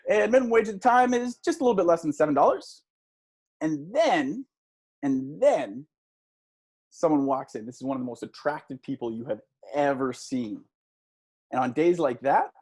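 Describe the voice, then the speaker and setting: A man gives a motivational talk to a class, his pitch swinging up and down as he tells a story. His voice is a little husky, and he keeps pulling the listeners in with questions. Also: a little mellow. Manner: engaging, asks audience for shows of hands; storytelling with a conversational tone. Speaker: guest speaker.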